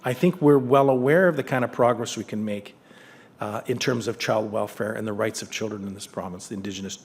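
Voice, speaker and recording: A man's voice: lowish voice, fairly quick. A middle-aged man from Canada giving a public lecture in a conversational, candid way, weaving in personal stories. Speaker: lecture speaker.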